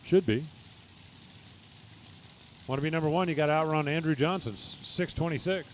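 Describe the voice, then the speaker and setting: A man's voice: a little high, quick pace, a little hiss or hum. A man giving live drag racing commentary, reading times and speeds with folksy, joking asides.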